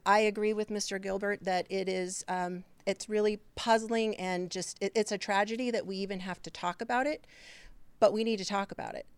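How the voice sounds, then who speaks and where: A woman answering debate questions in a measured, policy-focused way, with some restarts. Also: medium pitch, clean tone, dry recording. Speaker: debate candidate.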